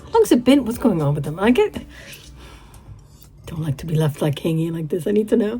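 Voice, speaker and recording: Giggly husky-voiced woman. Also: lowish voice, sing-song, quick pace, mellow, faint music behind. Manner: giggly, gushing, rambling with many likes. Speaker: reaction video host. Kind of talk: excited casual reaction chat.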